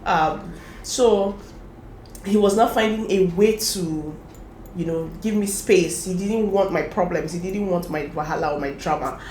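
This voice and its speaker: A woman's voice: on the low side, unhurried, slight background noise. Chatty woman vlogging in an echoey room. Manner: chatty, advising viewers directly, animated laughter. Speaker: lifestyle vlogger. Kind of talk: casual talk to camera.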